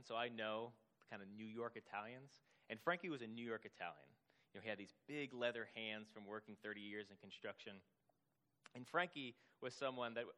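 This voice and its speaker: A man's voice: fairly low pitch, bright, forceful tone. A man preaching a sermon as a pastor, earnest and repetitive for emphasis, with frequent fillers.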